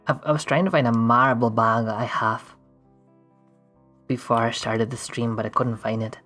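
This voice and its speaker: A woman's voice: extremely low pitch, fairly bright tone. A woman streaming while she draws, chatting casually with viewers in a playful, goofy way and often laughing. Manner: playful and goofy, breaks into laughs and silly voices. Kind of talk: casual livestream chat while drawing.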